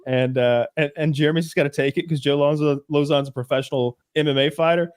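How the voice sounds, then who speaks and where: A man's voice: on the high side, steady tone, quick pace, smooth. A man from the southern United States chatting as a podcast co-host, rambling through stories with swearing and restarts. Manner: rambling storyteller, profane, full of restarts. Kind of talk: casual chat.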